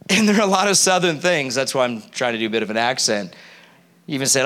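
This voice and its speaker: A man preaching a sermon to a live congregation, animated and often quizzing the audience. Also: medium pitch, fast talker. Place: church.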